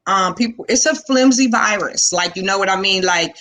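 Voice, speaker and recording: A woman's voice: mid-range voice, normal speed, bright, forceful tone. A middle-aged woman in casual panel chat, earnest and full of "you know" fillers. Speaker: panel guest.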